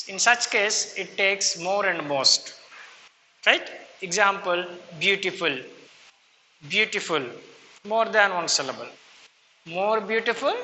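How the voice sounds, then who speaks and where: A man's voice: high-pitched, bright, forceful tone. A male teacher with an Indian English accent, drilling a class through adjective forms, stressing each first word and letting the last one fall. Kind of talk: classroom grammar lesson. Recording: long reverb, faint room noise.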